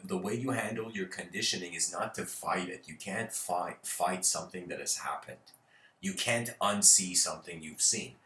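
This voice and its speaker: A man's voice: sits low, bright, forceful tone, distant mic. A man giving an informal spiritual lecture, rambling, laughing often and using lots of fillers. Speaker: speaker. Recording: roomy echo.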